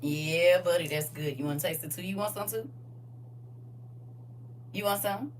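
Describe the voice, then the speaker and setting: A middle-aged woman preaching a lively sermon to a congregation. She swings between soft asides and loud bursts and acts out the people she quotes. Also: lowish voice, normal speed. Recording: distant mic with faint hum.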